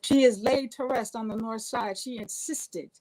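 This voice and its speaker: A woman's voice: a little high, moderate pace, low-quality recording. A woman from Minnesota, an interview guest, telling family stories enthusiastically, with frequent restarts. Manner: enthusiastic, warm, with repeated restarts. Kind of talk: conversational storytelling.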